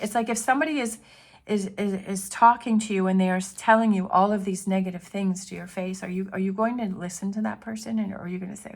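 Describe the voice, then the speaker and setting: A woman's voice: mid-range voice, steady tone, a little fast. A woman tarot reader giving an earnest, encouraging spiritual pep talk, often repeating her phrases.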